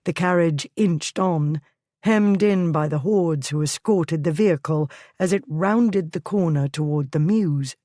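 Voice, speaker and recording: A woman narrates a historical romance audiobook in a low, unhurried voice. Her reading is steady and measured, recorded dry and close to the mic. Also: no room sound. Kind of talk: scripted narration.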